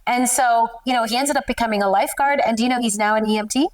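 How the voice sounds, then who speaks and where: Middle-aged woman guest, animated storyteller, laughs a lot, sounds kinda far from the mic. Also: on the high side, fast talker. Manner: animated, emotional, laughs often. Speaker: guest, newborn photographer. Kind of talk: candid interview storytelling.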